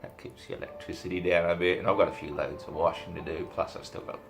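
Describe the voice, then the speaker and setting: An Australian man giving a crude, rambling comic monologue to camera, swearing freely with deadpan humor. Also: low-pitched, fast talker, gravelly, over music. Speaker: vlogger.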